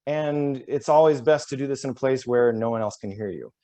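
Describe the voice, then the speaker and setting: Male workshop presenter, mid-pitched, relaxed and self-deprecating, demonstrating vocal drills on a video call. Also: fairly quick. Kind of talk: voice warm-up demonstration.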